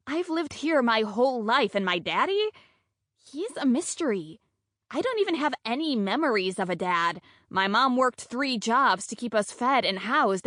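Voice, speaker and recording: A woman narrating a first-person romantic comedy audiobook in a lively, comic, self-deprecating way. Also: fairly high pitch, no echo, clean studio sound.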